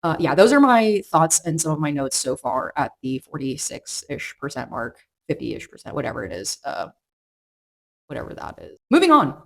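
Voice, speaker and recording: A woman's voice: deep voice, very animated, normal speed, vocal fry. A woman chatting casually through a book review vlog, rambling with lots of fillers and restarts. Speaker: book vlogger.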